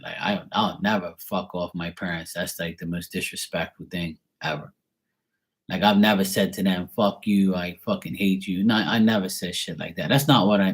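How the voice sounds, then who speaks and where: A man in a rambling personal rant, swearing often and repeating himself heatedly. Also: lowish voice. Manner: profane, heated and repetitive. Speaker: vlogger.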